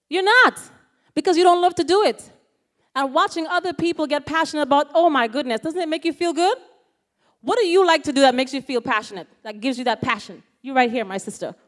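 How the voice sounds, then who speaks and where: Woman motivational speaker, high voice, animated, calls out to the crowd. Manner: animated, asks the audience questions, calls out "yes, yes?". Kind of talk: lively motivational talk to a youth audience. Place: ceremony hall.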